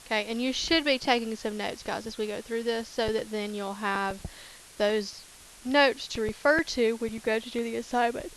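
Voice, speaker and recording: A woman teacher with a fairly high, fairly bright voice talks through chemistry notes casually in a recorded lecture, repeating key terms and using many fillers. Her tone is steady, her pace moderate with hardly any pauses. The audio is poor, with a little hiss or hum.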